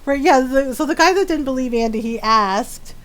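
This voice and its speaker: A woman's voice: sits high, animated, normal speed, a little hiss or hum. A woman streamer in casual chat on a live stream, telling an anecdote and laughing often as she acts out what people said. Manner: chatty storyteller, laughs often, acts out quotes. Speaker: game streamer.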